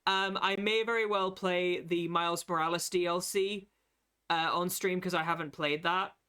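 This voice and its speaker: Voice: medium pitch, fairly even intonation, normal speed, sharp tone, smooth. Chatty sweary gaming streamer. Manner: chatty, sweary, reads game text aloud. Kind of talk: casual live gameplay chat.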